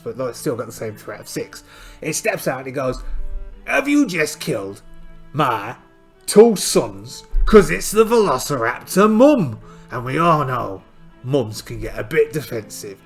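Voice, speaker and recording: A man's voice: mid-range voice, fairly bright tone. Playful man narrating a game. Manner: playful, storytelling, thinking aloud over dice. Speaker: solo game player and host. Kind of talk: narrating a solo tabletop game. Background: faint music backing track.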